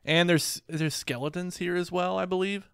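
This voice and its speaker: A man co-hosting a casual podcast, leading the game recap in a halting, easygoing way with many restarts. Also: high-pitched, fairly even intonation, vocal fry, a bit bright, clean tone, no echo, clean studio sound. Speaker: podcast co-host running the quest log recap.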